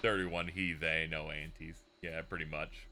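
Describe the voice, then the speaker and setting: A man's voice: rumbling low, little pitch movement, a little slow, background noise. A man streaming a video game, chatting casually with friends as he plays in a laid-back way. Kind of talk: casual chat while gaming. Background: game music.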